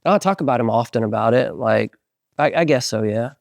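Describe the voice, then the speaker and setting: A man in his forties, a band singer, telling stories in an animated way as an interview guest and acting out the voices of people he quotes. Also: mid-range voice, fairly quick, vocal fry, no room sound, clean studio sound. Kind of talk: casual storytelling interview.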